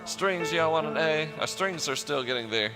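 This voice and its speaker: A music director leads an orchestra rehearsal in a slightly high voice with lively intonation at a normal speed. Upbeat, he gives instructions, scats rhythms and counts the players in, with long hall reverb and faint music behind him.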